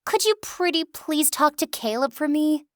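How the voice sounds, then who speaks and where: A woman's voice: high voice, expressive, moderate pace, dry recording, studio quality, pitched above the performer's own voice. A woman voicing a whiny, spoiled eighteen-year-old werewolf girl who pouts and wheedles in an audiobook. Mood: wheedling. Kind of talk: audiobook dialogue.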